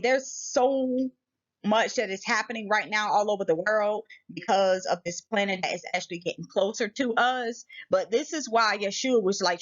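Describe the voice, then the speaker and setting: On her casual spiritual-warning vlog, this American host preaches emphatically, repeating rhetorical question after rhetorical question. She has a medium-pitched, fairly bright voice, captured in slightly muffled lo-fi sound.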